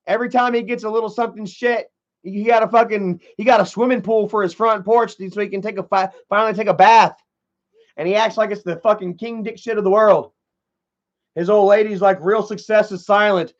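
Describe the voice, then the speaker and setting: A man with a high-pitched voice talks off the cuff on a live stream, loose and rambling. He swears freely and leans on "man" and "you know". The audio is dull and lo-fi, with the top end muffled.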